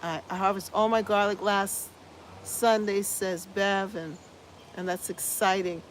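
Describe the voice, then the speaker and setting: A woman's voice: mid-range voice, fairly even intonation, unhurried. Scratchy-voiced woman hosting a gardening livestream. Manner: effusive and upbeat, repeats phrases, exclaims hallelujah. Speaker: gardening channel host. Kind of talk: casual livestream chat reading viewer comments.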